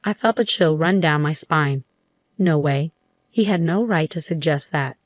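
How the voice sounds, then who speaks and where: Low-voiced woman narrating a story. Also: unhurried, no room sound. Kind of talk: scripted first-person narration.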